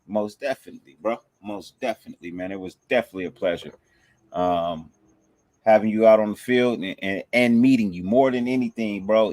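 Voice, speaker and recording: A man's voice: lowish voice, a little mellow, dry recording. A man hosting a casual fan show, talking slangy and laid-back, thanking viewers and breaking down players. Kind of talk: casual sports chat.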